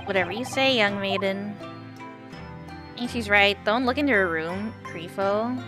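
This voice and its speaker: Young woman streamer, playful and joking, slow-paced, game music clearly behind. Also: medium pitch. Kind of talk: casual let's-play commentary.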